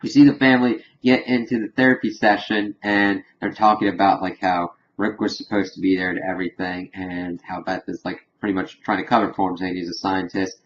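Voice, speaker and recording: A man's voice: deep voice, little pitch movement, a little fast, few pauses. Rambling man recapping, dull audio. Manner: rambling, heavy use of "like". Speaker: TV episode reviewer. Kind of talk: casual spoken episode recap.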